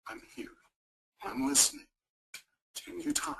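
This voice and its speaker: A woman acting in a training role-play as a calm, supportive friend who speaks softly and reassuringly. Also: fairly high pitch, unhurried, vocal fry, breathy edge, exaggerated voice, rough recording. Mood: soothing. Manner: soft, soothing, reassuring.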